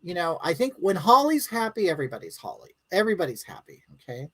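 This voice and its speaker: A woman's voice: lowish voice, big pitch swings, fast, fairly bright tone, husky, rough recording. A woman hosting a live stream from home, chatting casually and bluntly with viewers and reading out their comments in a rambling, crude way.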